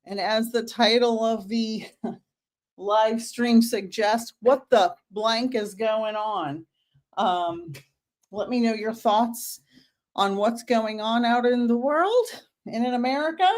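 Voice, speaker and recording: A woman's voice: fairly high pitch, takes it slowly. A woman hosting a casual live stream Q&A as a medium, chatty and greeting viewers by name, a little out of breath.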